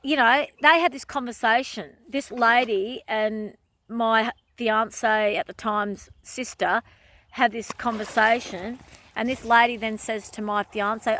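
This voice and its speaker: A woman's voice: fairly high pitch, fairly even intonation, slow, fairly bright tone. A woman vlogger in an emotional personal monologue, speaking emphatically and repeating phrases over and over.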